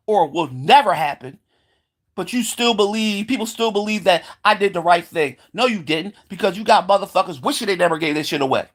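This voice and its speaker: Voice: medium pitch, a bit bright. A vlogger in a heated, profane rant, sarcastic and mocking, often stumbling over repeated words. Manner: heated, sarcastic, swears constantly; mocking voices of believers. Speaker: solo vlogger.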